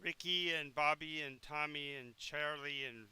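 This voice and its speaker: A man voices a grandiose, scheming undead lich, lurching from melodramatic villainous boasts to sheepish apologies and backpedaling. His voice is a little high, a little slow, bright and forceful, with a smooth quality.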